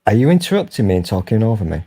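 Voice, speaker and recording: A man's voice: on the low side, very animated, rapid-fire, dark tone, breathy edge. A man in his forties hosting a casual sofa chat, rambling along in a sweary, mischievous way. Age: 40s. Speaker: host.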